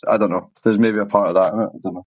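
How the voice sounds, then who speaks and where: Glaswegian man, low pitch, dry close sound, frank and rambling. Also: fairly even intonation, very fast, dry recording. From Scotland. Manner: rambling, frank, swears casually. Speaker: band's singer. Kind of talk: casual interview answers.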